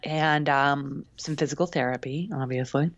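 Her voice low and steady at a normal speed, a podcast co-host chats casually, telling a story in a candid, self-deprecating way. The recording sounds dry and a little dull.

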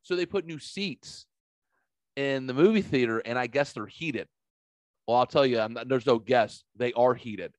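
Guy rambling thru a sweary story on a podcast, average pitch, dead dry mic. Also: moderate pace, no room sound. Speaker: podcast host. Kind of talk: casual chat.

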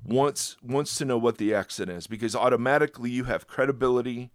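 A male podcast host talks in a casual, joking way, often restarting his sentences. His mid-range voice sounds dry and close, without any room echo. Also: mid-range voice. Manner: chatty, joking, with quick restarts.

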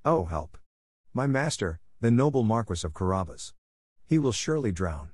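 A man's voice: lowish voice, big pitch swings, normal speed, a little mellow, breathy edge, no room sound, studio quality. A man voicing a clever, bold little male cat in boots, eager and pleading in turn, in a storybook reading. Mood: urgent.

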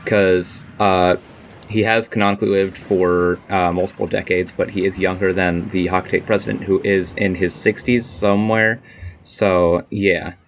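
A man's voice: low voice, little pitch movement, moderate pace, faint music behind. A man co-hosting a podcast in casual chat, eager and rambling with many fillers. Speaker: podcast co-host.

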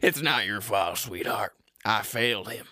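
A man voicing a gruff, old-fashioned middle-aged father who scolds in a low folksy drawl. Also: expressive, unhurried, pushed and bright, dry recording, studio quality. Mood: consoling.

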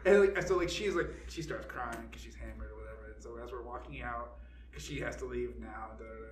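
A man's voice: medium pitch, quick pace, echoey room, background noise. A man co-hosting a podcast, telling a story with frequent fillers and laughter. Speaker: podcast co-host. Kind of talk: casual chat, storytelling.

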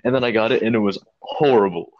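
Male podcast co-host, lower voice, animated profane storyteller, dull lo-fi sound. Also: fast talker. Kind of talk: casual storytelling chat.

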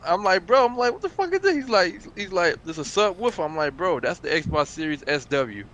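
Animated young man telling stories, bright voice. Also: a little high, moderate pace, a little hiss or hum. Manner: profane, animated storyteller acting out quotes. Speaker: gamer chatting in a group voice chat. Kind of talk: casual chat.

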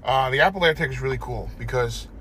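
Man, casual co-host, rambling swearing storyteller, mid-pitched voice, faint noise underneath. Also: fast. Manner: rambling, profane, animated storyteller.

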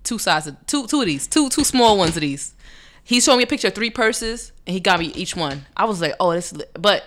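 A woman co-hosting a podcast in casual chat, loud and animated, laughing often. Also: medium pitch, fairly quick. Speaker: podcast co-host.

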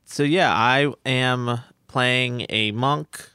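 A man's voice: mid-range voice, very slow, bright, forceful tone, smooth, no echo, studio quality. A man, a tabletop game player, casually explaining his character, sheepish and laughing as he talks. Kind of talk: casual chat introducing a character.

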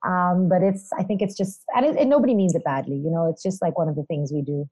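A woman's voice: on the low side, fast, dark tone, breathy edge, dry recording, poor audio. A woman, a presenter being interviewed, telling stories in an upbeat, chatty way. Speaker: interview guest, entertainment presenter. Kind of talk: casual interview talk.

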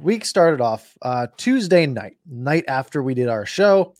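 A man's voice: medium pitch, big pitch swings, a little slow, darkish tone, no echo. A man co-hosting a sports podcast, talking through recent games in a loose, rambling way with a dry, sarcastic edge. His voice sits in a middle register and is recorded close in a dead, dry space with no room sound. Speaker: podcast co-host. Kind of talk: casual sports chat.

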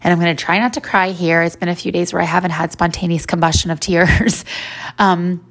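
A woman's voice: fairly low pitch, fairly even intonation, a little fast, fairly bright tone. A woman in her forties giving a faith-based personal talk in a conversational way, with many "you know" fillers. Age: 40s.

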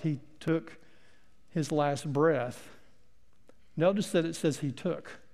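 Middle-aged male pastor, high voice, emphatic sermon delivery, reverberant hall. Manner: emphatic preaching with rhetorical questions and dramatic pauses.

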